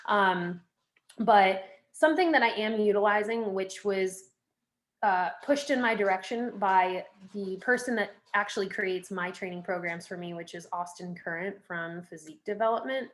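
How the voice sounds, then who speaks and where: A young woman chatting as a podcast guest in a loose, conversational way. Her voice sits at a middling pitch for a woman, and she leans on fillers while handing out frank tips. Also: moderate pace. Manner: chatty, filler-heavy, advice-giving. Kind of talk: casual interview chat.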